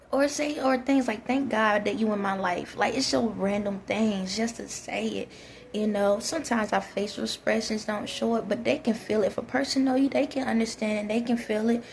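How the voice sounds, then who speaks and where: Gravelly-voiced woman giving blunt advice. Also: a little high, a little mellow, a little hiss or hum. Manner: blunt, direct, talks straight to viewers. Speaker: vlogger giving relationship advice. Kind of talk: casual spoken advice to viewers.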